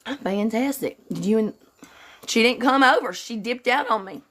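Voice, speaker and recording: A woman's voice: fairly high pitch, fairly bright tone. Drowsy, chatty woman livestreaming. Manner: greets viewers by name, loose and chatty; slightly slow and drowsy, just woke up. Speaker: livestream host. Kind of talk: casual livestream chat.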